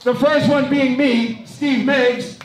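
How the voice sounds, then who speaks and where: A man playing a cocky heel wrestler yelling a slow, arrogant promo in a very high, strained voice. It is heard from far off in a cavernous, echoing venue over a loud crowd. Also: steady tone, heavy background noise. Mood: boastful.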